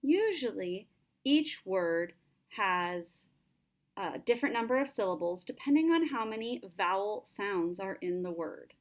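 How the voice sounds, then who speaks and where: A woman teacher giving a patient, clear lesson to students. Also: medium pitch, animated, measured pace. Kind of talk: classroom lesson narration.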